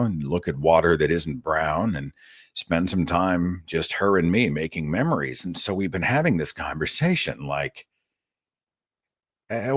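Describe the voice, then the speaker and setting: Oklahoma male call-in host, deep and lively voice, dry close sound, chatty and wry. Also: no echo. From Oklahoma, USA. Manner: chatty, wry, rambling asides. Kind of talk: live call-in show monologue.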